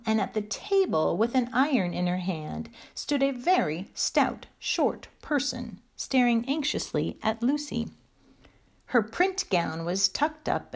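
A woman reading a children's story aloud in a gentle, expressive way. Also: medium pitch.

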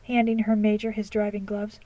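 Mellow-voiced woman narrating a classic novel. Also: mid-range voice, highs cut off. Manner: measured, expressive storytelling. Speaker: audiobook narrator. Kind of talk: audiobook narration of classic fiction.

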